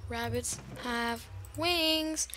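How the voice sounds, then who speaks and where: A woman's voice: a little high, extremely slow, bright, forceful tone, slight background noise. A young woman chatting and rambling through casual gameplay commentary, giggling and wandering off on silly tangents. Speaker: gamer.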